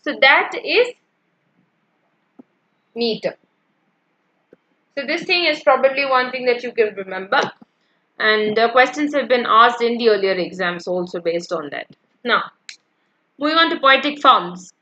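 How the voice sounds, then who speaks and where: A woman's voice: on the high side, a little slow, long pauses, pushed and bright, muffled recording. A woman teacher explaining poetic meter in an exam-prep lecture, checking in with "yeah" and counting out the feet aloud. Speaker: English literature teacher.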